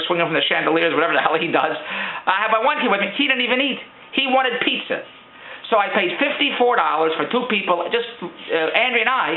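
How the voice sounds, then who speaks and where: Brief: middle-aged man, vlog rant, high and quick, tinny echoey sound. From Philadelphia. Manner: exasperated, joking complaints with rambling repeats. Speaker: vlogger. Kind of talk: casual storytelling rant.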